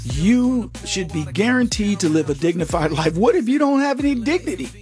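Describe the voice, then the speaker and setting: A man's voice: sits high, sing-song, normal speed, darkish tone, faint music behind. An older man hosting a talk show, giving casual commentary in a mocking tone and laughing often.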